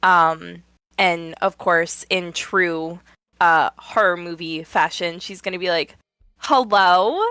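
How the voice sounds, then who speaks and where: An unhurried woman speaking as a player in a tabletop game, narrating what her character does between long trailing fillers. Her slow pace gives the talk a laid-back feel, and the sound is dry and close. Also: fairly low pitch, little pitch movement, bright, forceful tone, clean tone, no room sound. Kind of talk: casual chat and in-character narration.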